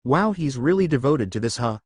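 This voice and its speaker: A man voicing an unimpressed young male hero student with a deadpan, sarcastic manner. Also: medium pitch, brisk, husky, dry recording.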